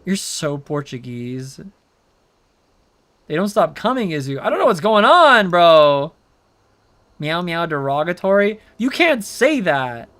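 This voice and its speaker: Slow-talking playful young streamer guy. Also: sits high, a bit bright. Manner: playful, rambling, reacts to chat, says meow. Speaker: VTuber game streamer. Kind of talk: casual live-stream chatter while gaming.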